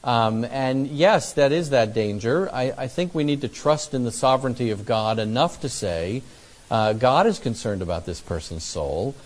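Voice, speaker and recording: A man delivering a sermon in a casual, conversational way, his pitch swinging widely as he acts out both sides of imagined exchanges. He often restarts his sentences and fills pauses with "um" and "uh". His voice sits at a middle pitch. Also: animated. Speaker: preacher teaching on evangelism.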